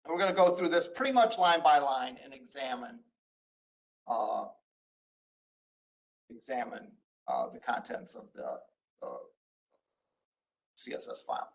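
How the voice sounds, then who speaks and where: A man teaching a college web development class, walking through code step by step with frequent pauses and restarts. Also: mid-range voice, sing-song, vocal fry, rough recording. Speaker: college instructor. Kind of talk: recorded screen-share lecture.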